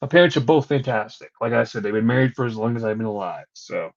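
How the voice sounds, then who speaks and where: A man's voice: medium pitch, animated, fast talker, creaky, crowd noise. Profane, rambling young man chatting. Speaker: podcast co-host. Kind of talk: casual wrestling recap chat. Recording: dull lo-fi recording.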